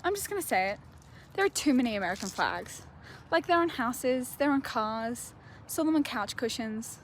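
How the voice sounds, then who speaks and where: A woman's voice: a little high, animated, normal speed. Chatty Australian woman ranting. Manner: exasperated, chatty, many "like"s. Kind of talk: casual video rant. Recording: faint background noise.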